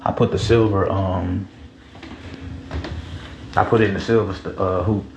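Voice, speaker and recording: Gravelly young man, casual podcast chat. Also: sits low, fairly even intonation, unhurried, reverberant, slight background noise. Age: 20s. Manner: rambling, slangy and profane. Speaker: podcast host.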